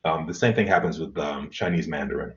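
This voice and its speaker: A middle-aged man teaching an online college class, explaining in a relaxed way with fillers and throat clearing. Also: a bass voice, brisk. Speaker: college instructor. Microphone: computer mic on video call. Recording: dull lo-fi video call audio.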